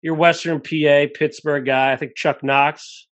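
A man hosting a casual podcast interview, easygoing and a bit halting. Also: fairly high pitch, little pitch movement, a bit bright. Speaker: podcast host.

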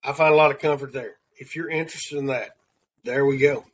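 A man's voice: mid-range voice, fairly even intonation, brisk. A man with a Southern accent giving an earnest, rambling devotional segment as a podcast host, repeating words as he searches for them. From Southern United States. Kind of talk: devotional segment of a talk show.

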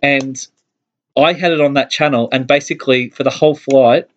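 A man's voice: medium pitch, steady tone, moderate pace, highs cut off. A man co-hosting a podcast, telling a story with enthusiasm. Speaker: podcast co-host. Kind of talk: casual chat about movies.

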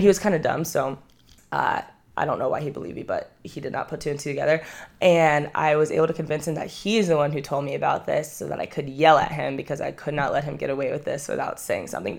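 A woman in her twenties, hosting a podcast and telling candid, self-mocking stories in casual chat, swearing freely. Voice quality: low voice with vocal fry. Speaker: podcast host. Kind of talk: casual confessional storytelling.

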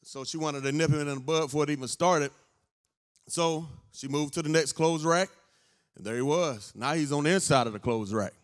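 A male pastor, telling a story in a sermon as an unhurried storyteller. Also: a little high. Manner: unhurried storyteller who builds to fervent preaching. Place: church sanctuary.

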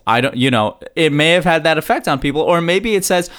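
A man co-hosting a casual podcast chat, rambling and animated, often repeating himself as he builds a point. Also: a little high, a little fast, few pauses. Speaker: podcast co-host.

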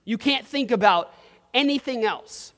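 A man's voice: very high voice, lively intonation, a little slow, sharp tone. A young man preaching a sermon to a congregation, telling a personal story casually with lots of "like" and "um.". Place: church hall. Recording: long reverb of a hall.

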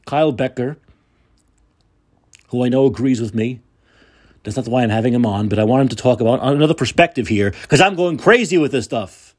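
A man's voice: medium pitch, brisk, long pauses, darkish tone. A man hosting a podcast, delivering a combative, sarcastic opinion monologue. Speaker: podcast host.

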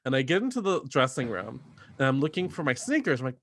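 A man hosting a casual chat, animated and laughing often, slipping into quoted voices. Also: on the high side, a little fast, dry recording. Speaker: podcast host and theater performer.

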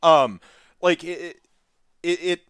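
Animated rambling man, dry close mic. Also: on the high side, slow pace, smooth, dry recording. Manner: animated, rambling with many restarts and fillers. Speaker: podcast co-host. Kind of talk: casual gaming chat.

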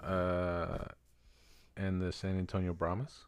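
A man's voice: sits low, flat delivery, slow, a little hiss or hum. A man playing along in a casual trivia game, hesitant over answers. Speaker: podcast co-host, contestant. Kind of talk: casual chat.

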